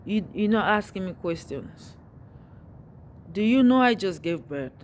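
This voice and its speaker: Exasperated woman venting to camera, mid-range pitch, faint noise behind. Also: expressive, a little slow. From Africa. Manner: exasperated, repetitive, full of rhetorical questions. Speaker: vlogger.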